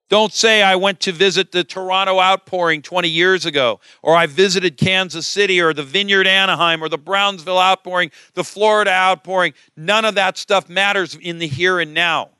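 A middle-aged man delivers a sermon with emphatic, questioning force. His voice sits a bit high for a man and rings bright and crisp. The sound is dry and close. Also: dry recording. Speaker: preacher.

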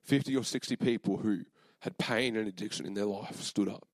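Earnest young man preaching, low voice. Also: fairly quick, dry recording. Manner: casual, lots of fillers, emotional and earnest. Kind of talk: sermon storytelling.

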